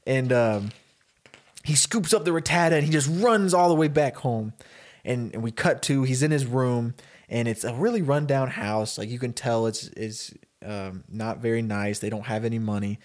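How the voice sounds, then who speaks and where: A man co-hosting a podcast, casually telling a story and jumping into his characters' voices as he goes. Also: medium pitch. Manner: animated, acts out characters' lines in quick bursts. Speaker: podcast co-host pitching a story.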